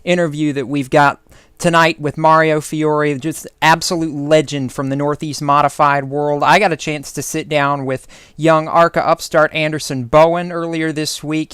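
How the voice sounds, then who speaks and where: A man's voice: on the high side, fairly bright tone, clear, resonant tone, no room sound, clean studio sound. A man co-hosting and producing a motorsports radio talk show, talking eagerly and enthusiastically.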